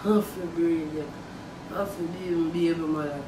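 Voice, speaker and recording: Woman playing a Jamaican baby father, low mumble, lazy drawl, comedy skit, distant mic. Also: steady tone, normal speed, roomy sound, background noise, close to an everyday voice. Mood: dismissive.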